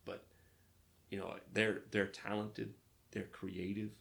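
A man from Arkansas, a pastor, telling lively stories in a casual interview and acting out the dialogue. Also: lowish voice, slow, vocal fry. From Arkansas, United States. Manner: lively storyteller who acts out dialogue.

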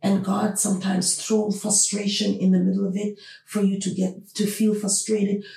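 Woman host, opinionated monologue, emphatic and repetitive; gravelly low-bright tone, recorded off-mic in a roomy space. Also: flat delivery, moderate pace, distant mic. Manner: emphatic, repeats rhetorical questions. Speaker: podcast host.

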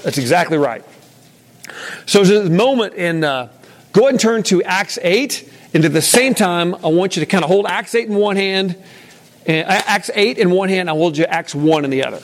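Gravelly-voiced man teaching Bible study. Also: high voice. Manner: conversational, asks the room questions. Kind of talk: interactive Bible lesson.

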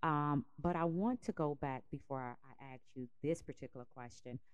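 A woman hosts an interview, speaking in a very low, smooth voice. She affirms and encourages her guest between questions. The sound is dry and close. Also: a little fast, no echo, muffled recording. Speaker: interview host.

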